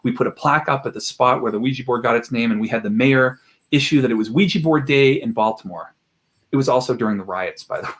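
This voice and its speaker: An animated man speaks as a guest expert on a podcast, his voice sitting at an ordinary middle pitch. He tells stories with plenty of energy and drops into quoted voices along the way. He sounds like he is talking over a video call from a room at home. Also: fast. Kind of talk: podcast interview storytelling. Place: home room with collected objects.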